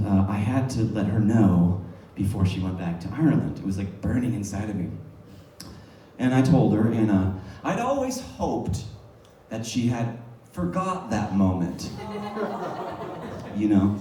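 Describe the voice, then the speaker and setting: Wry stand-up comic, echoey and distant. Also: male voice, fairly low pitch, warm tone, a little hiss or hum. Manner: wry, laughing through his own punchlines. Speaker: stand-up comedian. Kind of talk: stand-up comedy storytelling. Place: live comedy venue. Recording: echoey room, heard from a distance.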